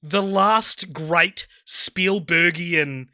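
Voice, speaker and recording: A man's voice: high voice, sharp tone, no room sound, studio quality. A man co-hosting a podcast in casual chat, playful and wry. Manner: playful, wry, quick asides. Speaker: podcast co-host.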